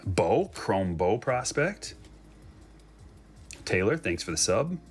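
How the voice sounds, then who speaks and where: Low-voiced man hosting a card break. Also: takes it slowly. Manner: excited, joking, chatty. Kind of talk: casual live commentary while opening packs.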